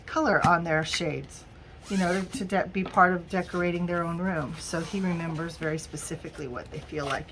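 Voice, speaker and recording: A middle-aged woman with a drawl talks casually to her viewers in a slightly low voice. She giggles often and calls everyone "y'all." A faint room hum sits under her voice. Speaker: crafting vlogger. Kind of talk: casual haul video.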